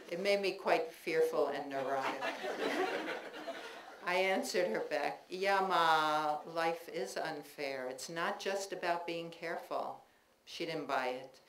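A woman writer reading her memoir aloud at a live bookstore event, wry and expressive, laughing through the funny parts. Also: low-pitched. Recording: roomy bookstore with faint noise.

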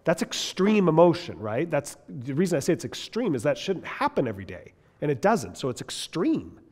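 A man's voice: on the high side, sing-song, moderate pace, a little mellow. A man teaching a Bible class in an emphatic way, asking many rhetorical questions and often restarting his sentences. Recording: long reverb in a hall.

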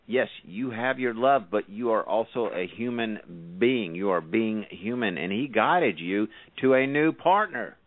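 A man's voice: medium pitch, expressive, measured pace, no room sound. A man hosting a radio call-in show, talking in long rambling sentences with many restarts. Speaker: radio host. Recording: dry tinny phone-like sound.

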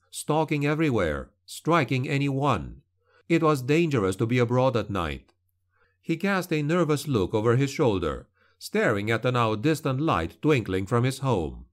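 A man narrating a dark fantasy audiobook in a measured, grave manner. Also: mid-range voice.

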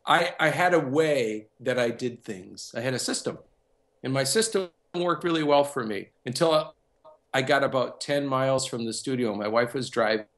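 A man's voice: medium pitch, moderate pace, fairly bright tone. A man who works as a music producer and composer, telling a personal story in a casual interview and acting out other people's lines as he goes.

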